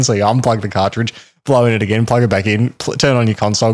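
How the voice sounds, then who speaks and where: A man's voice: medium pitch, fast talker. A man hosting a podcast, telling a history story in a casual, joking, rambling way. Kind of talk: casual chat.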